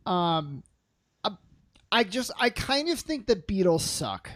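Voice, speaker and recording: Animated young podcast host, lively pitch. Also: male voice, slow, no echo. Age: young adult. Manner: animated, laughs often, stammers on restarts. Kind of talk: casual chat.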